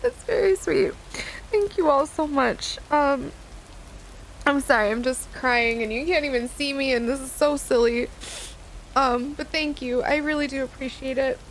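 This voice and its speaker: A woman streamer with a high voice talks casually to her live chat. She is gushing and giggly and says y'all often. Faint background noise sits under her voice. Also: unhurried, low-quality recording. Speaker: livestreamer. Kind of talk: casual livestream chat thanking viewers.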